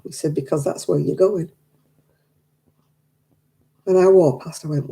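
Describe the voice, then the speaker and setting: A woman's voice: low voice, a little slow, creaky, pauses often, mellow. An older woman, telling stories in casual chat and acting out the dialogue. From England. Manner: chatty, acts out quoted dialogue. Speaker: craft night participant.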